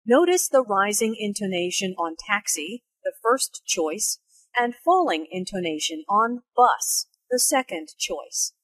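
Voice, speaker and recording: A woman narrating a scripted English lesson, explaining phrases slowly and carefully. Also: mid-range voice, lively intonation, a bit bright, breathy edge, no room sound. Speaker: English teacher.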